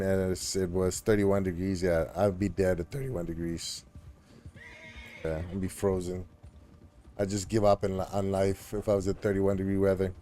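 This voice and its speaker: A man's voice: low-pitched, warm tone. A man live-streaming a video game, chatting casually in a rambling, laid-back way with lots of fillers. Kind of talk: casual chat while gaming.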